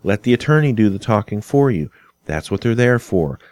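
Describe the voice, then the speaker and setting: Brief: low-voiced male lecturer, dry close sound, unhurried explanatory delivery. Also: big pitch swings, a little mellow, dry recording. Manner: unhurried, explanatory, acts out quoted dialogue. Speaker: instructor on arguments and fallacies. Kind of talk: casual spoken lecture.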